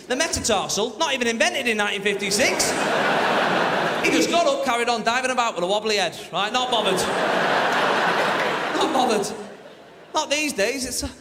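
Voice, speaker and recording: Cheeky comic, high voice. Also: male voice. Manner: cheeky, punchy crowd work. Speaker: stand-up comedian. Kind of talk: stand-up routine. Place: large theatre stage with live audience. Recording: reverberant hall, roaring crowd.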